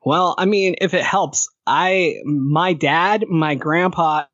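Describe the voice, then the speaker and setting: A man's voice: fairly high pitch, slow pace, a bit bright, dry recording. A man hosting a podcast in a casual, teasing way. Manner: teasing, laughs through his lines. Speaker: podcast host. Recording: dull lo-fi podcast audio.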